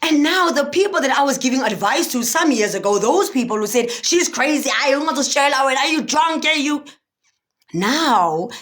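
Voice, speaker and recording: Brief: young woman, spiritual motivational speaker live with her viewers, high, lively voice, preachy and chatty. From South Africa. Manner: animated, preachy, often asks if listeners understand. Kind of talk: livestream talk with viewers.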